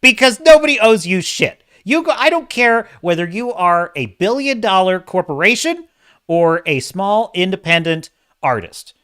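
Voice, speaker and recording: Male commentary host: emphatic, exasperated rant, bright and fairly high voice. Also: very animated, moderate pace, smooth, no echo, clean studio sound.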